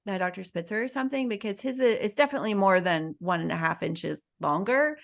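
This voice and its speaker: A woman's voice: medium pitch, expressive, fairly quick, vocal fry. Frank, laughing woman co-host. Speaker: podcast co-host. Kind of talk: casual chat.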